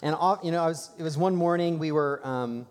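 A man preaching a sermon at a church service, telling stories conversationally and breaking into excited bursts. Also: a little high, a little fast. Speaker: pastor. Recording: long hall reverb.

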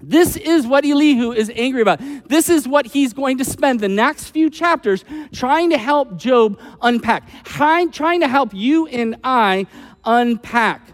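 A man delivers a sermon from the pulpit, his voice pitched high and light. He talks casually, sprinkling in asides and bringing quoted people to life. The big room carries a long, lingering reverb after each phrase. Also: a little slow. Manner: animated, acts out quoted voices; conversational, with frequent "like" asides. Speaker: pastor.

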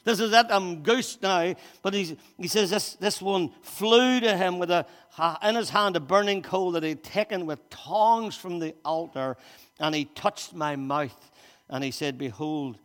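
Man, pastor, high-pitched, bright and forceful, emphatic sermon, repeats words, long church reverb. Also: unhurried, clear, resonant tone. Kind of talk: sermon with scripture reading.

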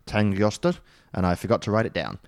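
A man co-hosts a podcast explaining mythology in a loose, joking way, full of ums and uhs and casual swearing. His voice is on the low side and a little fast, recorded with clean studio sound and no echo.

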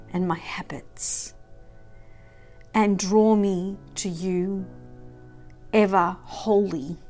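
Woman praying out loud real slow, earnest and hushed, faint music behind. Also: medium pitch. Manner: soft, earnest, with hushed whispered phrases. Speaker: prayer leader. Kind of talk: spoken prayer and reflection.

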